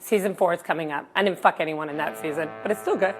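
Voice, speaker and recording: A woman's voice: on the low side, quick pace, over music. A woman hosting a comedy show with wry, self-deprecating banter. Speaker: host.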